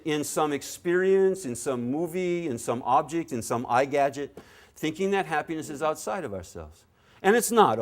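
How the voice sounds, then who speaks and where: A man teaching a dharma talk to a live audience at a meditation center, animated and acting out little quoted scenes. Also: on the high side. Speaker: spiritual teacher.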